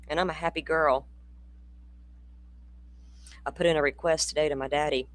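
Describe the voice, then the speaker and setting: A woman's voice: sits low, fairly even intonation, moderate pace, pauses often. Chatty woman, older. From Florida. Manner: chatty, laughing, swearing, addresses viewers by name. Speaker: true crime channel host. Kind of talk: casual livestream chat.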